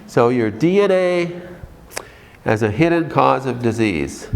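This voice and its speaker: A man's voice: medium pitch, lively intonation, a little slow, gravelly, a little hiss or hum, rough recording. Joking Minnesotan man giving a talk. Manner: chatty, joking, self-deprecating, with many fillers. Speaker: doctor giving a conference talk. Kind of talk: conference presentation. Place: conference hall with a live audience.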